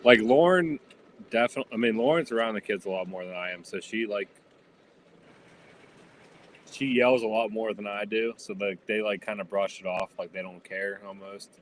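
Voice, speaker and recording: A man's voice: lowish voice, moderate pace, a little hiss or hum. A man co-hosting a casual chat, rambling with lots of fillers.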